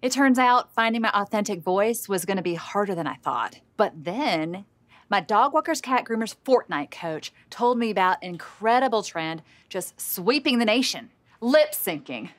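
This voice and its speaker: A woman telling her own story as the lead of a comedy mockumentary, earnest and self-deprecating, awkward and halting at an audition. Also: medium pitch, lively intonation, no room sound. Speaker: comedic narrator and lead character. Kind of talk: deadpan mockumentary narration.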